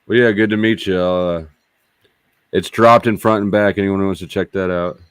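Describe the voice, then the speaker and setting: Offhand low-voiced man hosting a panel. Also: steady tone, normal speed, clear, resonant tone, dry recording. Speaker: panel host. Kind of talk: casual livestream panel hosting.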